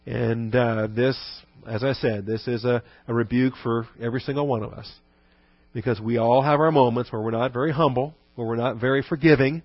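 A man's voice: medium pitch, steady tone, a little fast, no room sound, muffled recording. A man preaching a sermon in a conversational teaching manner, with asides and emphatic stresses on key words. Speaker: pastor.

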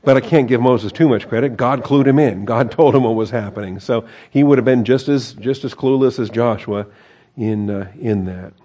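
Guy with a mellow voice reading the bible and chatting about it, wry little asides, fixes his own words a lot. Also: medium pitch, moderate pace. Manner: reads scripture aloud then comments, wry asides and self-corrections. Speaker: Bible teacher. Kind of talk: conversational Bible reading and commentary.

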